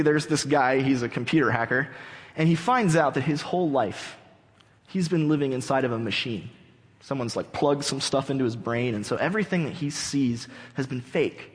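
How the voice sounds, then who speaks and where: A male pastor preaching a sermon in a church, telling a story in an animated way and acting out its characters. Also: medium pitch, normal speed. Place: church sanctuary. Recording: long church hall reverb.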